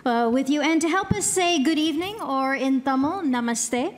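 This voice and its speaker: A woman co-hosting a gala, announcing the closing act in a smooth, scripted way. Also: high voice, lively intonation, moderate pace, in a large hall. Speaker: event co-host. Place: banquet hall.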